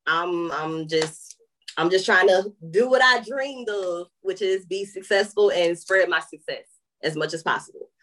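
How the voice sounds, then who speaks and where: A woman with a Southern US country accent, a guest musician, talking in a lively, slangy way and laughing often. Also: lowish voice, a little slow, a little hiss or hum. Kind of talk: casual interview chat.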